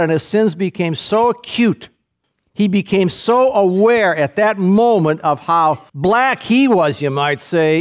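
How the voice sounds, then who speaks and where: Male preacher, slightly high voice, vivid storyteller, moves from hushed to intense. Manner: vivid storytelling, guiding listeners to picture the scene; swings from hushed low passages to raised, intense climaxes. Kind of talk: sermon.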